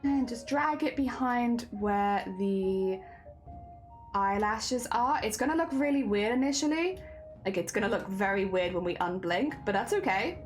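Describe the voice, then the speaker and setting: Over soft background music, a young woman streamer with a mid-range, animated and unhurried voice chats casually while rigging a vtuber model. She talks herself through the work, greets viewers, coughs, and sounds a little congested.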